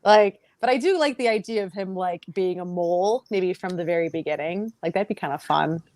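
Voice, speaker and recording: Woman podcast cohost, lively chatty, acts out little quotes, dry close mic. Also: fairly low pitch, fairly quick, dry recording. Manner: animated, acts out quotes, laughs often. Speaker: podcast co-host. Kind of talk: casual chat.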